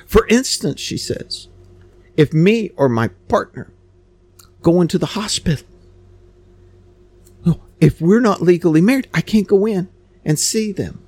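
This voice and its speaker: A man's voice: fairly high pitch, animated, a little slow, pauses often, darkish tone, no room sound. A man giving a rambling, sarcastic opinion monologue, stammering and repeating himself. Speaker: commentator.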